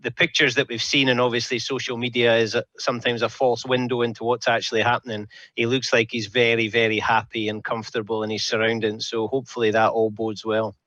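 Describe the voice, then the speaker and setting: A man's voice: medium pitch, little pitch movement, quick pace, hardly any pauses, fairly bright tone, dry recording. A man, chatting as a guest on a casual panel podcast. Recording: dry muffled remote line.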